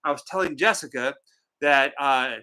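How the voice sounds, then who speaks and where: A man's voice: mid-range voice, normal speed, bright, forceful tone, smooth. A man co-hosting a movie watch party livestream, chatting casually, joking and greeting viewers by name. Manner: playful, joking, theatrical greetings. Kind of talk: casual livestream chat, reading out viewer names.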